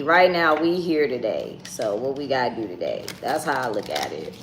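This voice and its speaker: A woman with a low voice runs a live tarot stream, chatting with her viewers in a casual, blunt way. Her voice rings a little in an echoey room, with faint ambient noise underneath. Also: big pitch swings, normal speed, few pauses. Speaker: tarot reader.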